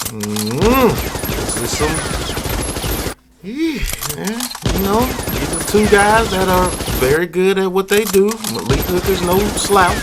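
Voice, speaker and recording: A man hosting a sports talk channel, commenting casually on football news and reacting with drawn-out hums and asides. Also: on the high side, background noise.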